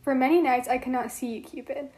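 Woman as young mortal Psyche, high-pitched, earnest amateur myth-play reading. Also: steady tone, quick pace, a little mellow, close to an everyday voice. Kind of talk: amateur read-aloud role-play.

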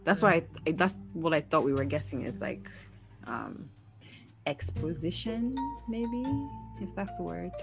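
A woman co-hosting a podcast, chatting casually about books in a relaxed, thoughtful way with many short agreeing replies. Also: deep voice, measured pace, creaky, music in the background. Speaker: podcast co-host.

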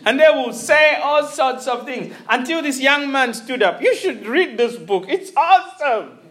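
A man preaching a sermon, telling a story in an animated way with chuckles and restarts. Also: very high voice, a little slow.

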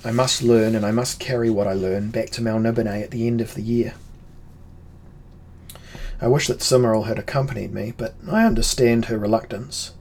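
A man reading an audiobook, voicing a brooding young sorcerer-emperor who speaks evenly and gravely. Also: fairly low pitch, a little hiss or hum, natural voice. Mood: calm. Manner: measured, even and grave.

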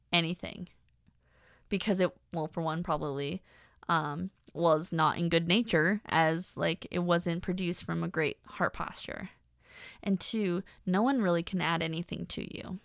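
A young woman talks through a casual podcast monologue, lower-pitched for a woman, her voice gravelly with vocal fry. She is chatty, full of fillers, and breaks into animated faith-filled asides. The sound is smooth and dry, close on the mic. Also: dry recording. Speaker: podcast host.

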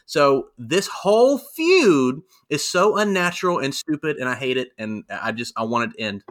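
A man's voice: medium pitch, sing-song, normal speed, fairly bright tone. A man co-hosting a podcast, talking in a blunt, critical and emphatic way in casual chat. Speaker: podcast co-host.

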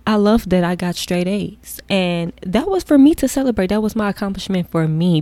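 Young woman, casual storytelling, candid, animated, soft whispered asides. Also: fairly low pitch, no echo.

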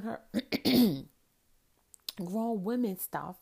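A vlogger in her forties, her voice on the high side and creaky, speaks slowly and pauses often. She rants sassily and with animation in a casual monologue about dating and texting, sounding tired and crampy.

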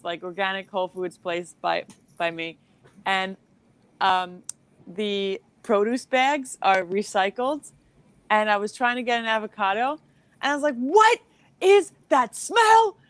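A woman's voice: mid-range voice, a little slow, smooth, no room sound. A woman with a mid-range voice chatting casually on a podcast, giggling, rambling and wandering off topic as she tells her stories. She is heard on a close, dry studio mic. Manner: giggly, rambling, animated storytelling. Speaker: comedian guest.

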